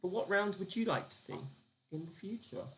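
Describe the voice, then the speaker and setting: Quiz host on a live stream, chatty and self-mocking, middle pitch, soft music under it. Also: expressive, a little fast. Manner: chatty, self-deprecating, counts down time and reads answers aloud.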